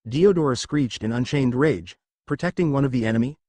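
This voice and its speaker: A man reading an action fan story aloud with steady, dramatic delivery. His pitch rises and falls in a lively way, and the sound is dry and close to the mic. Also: a little fast, no room sound. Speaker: narrator.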